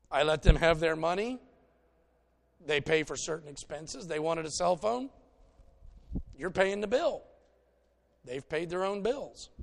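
A man's voice: sits high, vocal fry. A man preaching a conversational sermon in a folksy, plainspoken way, telling stories to make his points.

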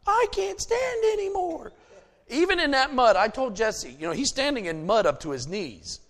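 Animated high-voiced preacher man. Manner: emphatic, folksy preaching with personal stories. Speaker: pastor. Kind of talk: sermon. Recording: long hall reverb.

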